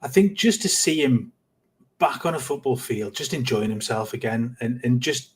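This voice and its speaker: A middle-aged man co-hosting a casual football podcast, talking earnestly with many halting repeats. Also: mid-range voice. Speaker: podcast co-host.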